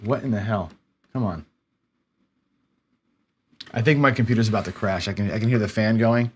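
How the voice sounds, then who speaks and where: A man's voice: lowish voice, moderate pace, slightly rough. A man hosting a live stream, talking casually and muttering to himself in frustration as he searches his computer. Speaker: livestream host.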